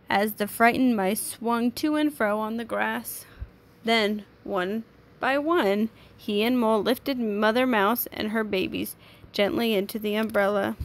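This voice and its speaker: A woman teacher reading a children's picture book aloud to a class, in clear, sing-song storytelling. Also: medium pitch.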